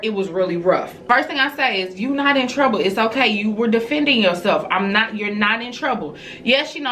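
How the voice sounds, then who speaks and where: A woman's voice: slight background noise, low-quality recording. A woman telling a story from her family life in a casual story-time vlog, talking straight to her viewers. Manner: animated storyteller, jumping high when retelling her reactions; casual and conversational, addresses viewers directly.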